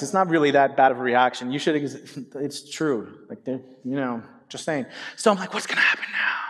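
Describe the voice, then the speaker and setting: A man in his thirties preaching a sermon as pastor, telling stories animatedly and speaking directly to the congregation. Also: on the high side. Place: church sanctuary. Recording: hall reverb.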